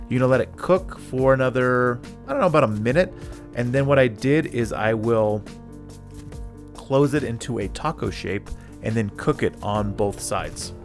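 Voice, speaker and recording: A man hosting a casual cooking video, chatting enthusiastically as he cooks and tastes the food. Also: mid-range voice. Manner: chatty and enthusiastic, talks while cooking and tasting. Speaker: cooking channel host.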